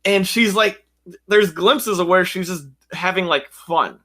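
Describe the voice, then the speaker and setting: A man co-hosting a podcast, talking casually and excitedly about an anime with lots of "yo" and "like". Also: high voice, a little slow. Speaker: podcast co-host.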